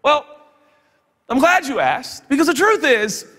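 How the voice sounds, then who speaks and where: A man preaching a sermon in a large church auditorium, with a high, bright voice that swings up and down constantly. He tells stories full of jokes and quick asides, and his words ring out with the long reverb of a big hall. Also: very animated. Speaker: guest pastor.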